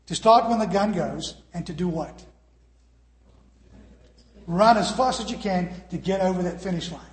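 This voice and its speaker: A man preaching a sermon as pastor, animated and putting questions to the congregation. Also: sits high, moderate pace. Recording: echoey hall.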